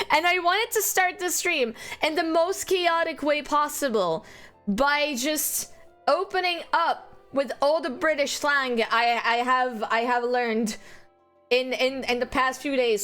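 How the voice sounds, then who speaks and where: A young woman streamer chats casually with her viewers in a high, slightly bright voice. She's sleep-deprived, laughs often, and squeals when thanking them.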